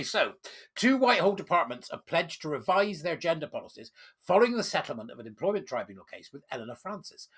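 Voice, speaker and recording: A man's voice: a little high, breathy edge. A man hosting a commentary show, reading news aloud and breaking off into sarcastic rants. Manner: animated and sarcastic, reads news aloud and interrupts it. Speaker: commentary host.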